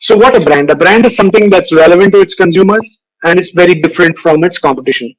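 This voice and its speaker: An older man with a slightly raised pitch speaks to students. He tells career stories in an unhurried, lecturing way and draws simple lessons from them. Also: poor audio. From India. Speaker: guest speaker, advertising veteran. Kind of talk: motivational speech with anecdotes. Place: virtual event recording.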